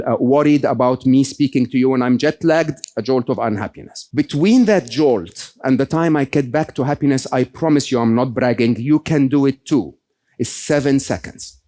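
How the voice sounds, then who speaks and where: A middle-aged man speaking to a live audience, telling stories and acting out quotes, questioning the room as he talks. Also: medium pitch. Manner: animated storytelling, acts out quotes, asks the audience questions. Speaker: speaker on happiness, podcast host.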